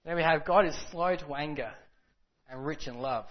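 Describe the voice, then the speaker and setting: A man's voice: fairly high pitch, moderate pace. A man preaching in a casual, conversational way, telling a story and acting out the people in it, with many fillers. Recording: dull lo-fi sound.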